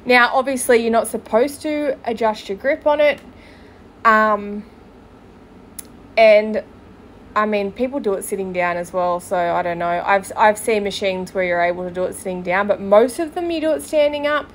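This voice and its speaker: A woman's voice: medium pitch, normal speed, a little hiss or hum. A woman hosting a podcast, reacting bluntly to played clips with profane, sarcastic commentary. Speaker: podcast host.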